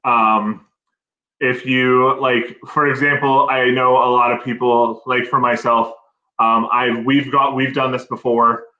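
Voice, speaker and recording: Male guest, casual and rambling, bright tone, a bit lo-fi. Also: medium pitch, flat delivery, a little slow, reverberant. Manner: rambling with many fillers and restarts, earnest. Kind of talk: casual chat.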